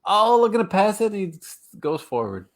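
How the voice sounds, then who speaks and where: A man's voice: high voice, big pitch swings, moderate pace, creaky. A man co-hosting a sports podcast, chatting casually and calling plays from a live game. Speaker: podcast co-host. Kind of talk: casual sports chat with play-by-play.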